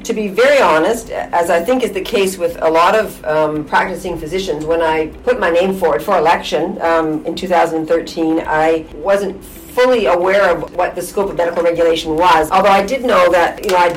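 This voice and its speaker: Woman, low pitch, middle-aged, family doctor, measured and thoughtful, faint background hiss. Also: poor audio. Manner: thoughtful, many restarts and fillers. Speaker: family physician and college president. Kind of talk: interview answers.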